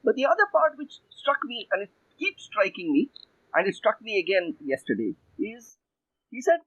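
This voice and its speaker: An older Indian man who coaches executives, talking with a lively, fairly high voice that rises and falls a great deal. He makes his points emphatically, one by one. The sound is dull and muffled, and the room is very dry. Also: normal speed, dry recording. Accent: Indian English. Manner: emphatic, lists points, acts out quotes. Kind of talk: interview answers.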